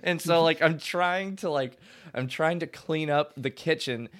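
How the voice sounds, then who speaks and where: A man's voice: on the high side, unhurried, a bit bright. A young man chatting casually as a podcast co-host, telling a loose, slangy story and laughing often. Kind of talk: casual chat.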